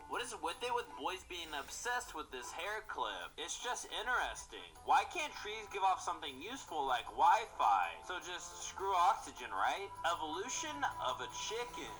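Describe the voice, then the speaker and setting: A voice reading out random questions and short facts in a lively, questioning way. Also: medium pitch, poor audio.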